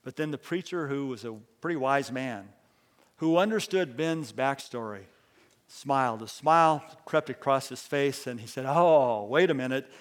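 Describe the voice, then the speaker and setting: A pastor telling a story in his sermon. He swings between hushed lines and loud, emphatic ones and leads the congregation in call and response. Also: mid-range voice, moderate pace, long reverb tail.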